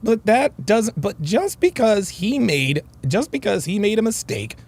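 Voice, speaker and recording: Animated, gravelly man telling a story. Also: sits high, unhurried. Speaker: commentary host. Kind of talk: casual commentary monologue.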